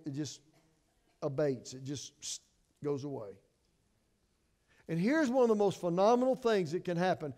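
Pastor, man, middle-aged, very high and animated voice, impassioned sermon delivery with frequent restarts. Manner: passionate preaching, swings from hushed to emphatic; repeats and restarts words.

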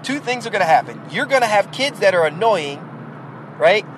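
This host's high-pitched voice swings widely in pitch at a moderate pace, on a low-quality recording with slight background noise. A parent, he bluntly and casually sounds off at length about raising kids in an opinionated podcast monologue, rhetorical and addressing the listener directly.

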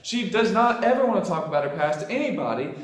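A man with a high-sitting voice and lively intonation speaks fast as he teaches a Sunday school lesson in an echoey church room. Storytelling sermon-style, he casually retells scripture and puts on voices for the people in it.

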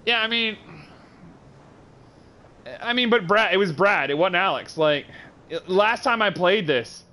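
A man streaming a game live, chatting in an animated, joking and profane way. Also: high-pitched, a little slow. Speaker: gaming streamer. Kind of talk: casual live-stream commentary.

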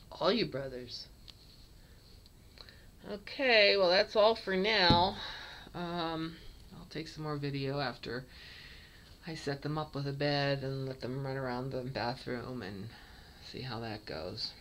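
A woman's voice: rumbling low, slow, long pauses, fairly bright tone, a little hiss or hum. A woman cat breeder narrating a casual home video, cooing baby talk at kittens.

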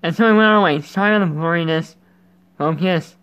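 A man's voice: on the high side, a little fast, fairly bright tone, clear, resonant tone, dull audio. Rambling young gamer guy. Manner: rambling, self-interrupting, goofy. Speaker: gaming channel host. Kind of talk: casual let's-play commentary.

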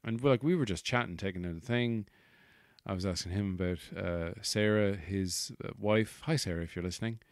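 Low-voiced Irish comedian, rambling. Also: male voice, brisk, dry recording, studio quality. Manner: rambling, swearing, exasperated asides. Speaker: comedian and podcast host. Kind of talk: casual rambling monologue.

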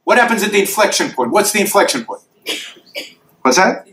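A man's voice: high voice, expressive, a little fast, fairly bright tone, roomy sound, rough recording. A man answering audience questions after a university lecture, arguing emphatically and sketching graphs in the air.

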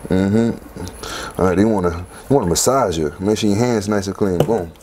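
A man hosting a home cooking video, talking casually and lively as he walks through each step. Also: moderate pace, background noise. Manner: chatty, lively, punctuates steps with "boom".

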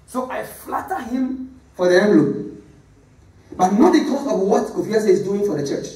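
An emphatic middle-aged pastor preaching, his pitch swinging widely up and down as he repeats key words. He is caught by a mic set well back, so his voice rings around an echoey church. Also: big pitch swings, normal speed, mellow, far from the mic. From Ghana. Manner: emphatic preaching with repetition, calls on congregation to read aloud. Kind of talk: sermon. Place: church sanctuary.

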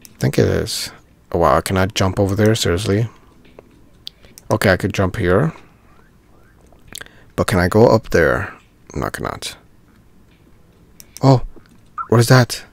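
A man's voice: sits low, a little slow, vocal fry, pauses often, no echo. A man giving casual commentary while playing a video game, thinking aloud and easily delighted by small things. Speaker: gaming channel host.

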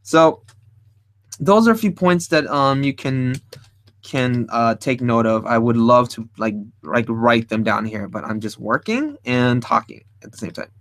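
A man's voice: medium pitch, expressive, measured pace, a bit bright, no echo. A man hosting a casual live drawing tutorial, rambling and thinking aloud as he sketches, adding playful sound effects. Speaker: art stream host.

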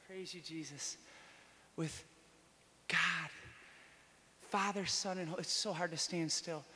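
A male priest giving a conference talk, telling a story and moving between hushed and excited, joking with the audience. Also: fairly high pitch, takes it slowly, slight background noise. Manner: animated, jokes with the audience, swings from hushed to excited. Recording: long hall reverb.

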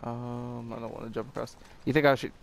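A young man giving loud, joking, profane commentary while playing a video game. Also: medium pitch, level tone, fairly quick, vocal fry, slight background noise. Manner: loud, joking, swears often. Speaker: gaming channel host. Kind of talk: casual gameplay commentary. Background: game music and gunfire.

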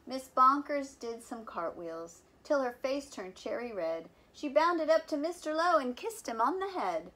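A woman volunteer reading a picture book aloud for children in an animated, playful way, with chatty asides about the pictures. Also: high voice, a little slow, few pauses. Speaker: volunteer reader.

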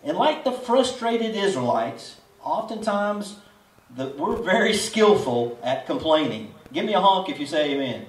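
A man's voice: a little high, very animated, moderate pace. A man preaching a sermon at a drive-in church service, folksy and conversational, full of rhetorical questions. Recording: roomy echo, distant mic.

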